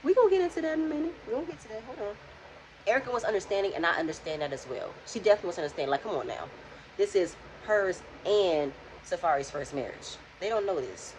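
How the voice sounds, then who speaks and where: A woman's voice: mid-range voice, lively intonation, fast, a little mellow, slight background noise, low-quality recording. A young woman casually recapping a reality show for her vlog, chatty and talking straight back to the people on screen. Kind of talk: casual reaction commentary.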